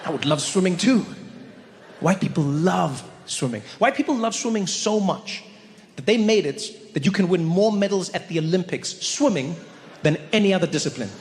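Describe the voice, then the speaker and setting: A man's voice: high-pitched, animated, normal speed, long reverb tail, a little hiss or hum. A man performing stand-up comedy on stage, telling stories in a playful way and acting out voices. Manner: playful storytelling, acts out voices. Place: comedy stage before a live audience.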